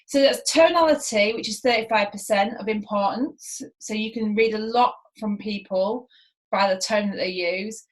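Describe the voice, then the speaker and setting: A woman coach teaching in a lively, informal way. She often switches into short acted-out client phrases as she explains. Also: medium pitch, normal speed, poor audio. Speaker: mindset coach.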